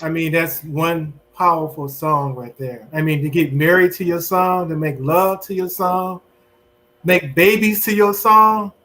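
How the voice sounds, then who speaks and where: A man guesting on a relationship podcast, talking slowly and easily. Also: on the high side, fairly even intonation, pushed and bright. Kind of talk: casual chat.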